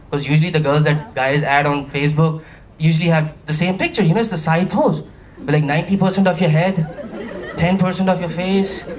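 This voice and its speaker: Pakistani stand-up comic, fairly high voice, lively banter with the crowd, live mic a bit distant with faint hiss. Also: male voice, a little fast. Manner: chatty, animated, with playful asides to the audience. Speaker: stand-up comedian. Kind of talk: stand-up comedy routine. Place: comedy stage before a live audience.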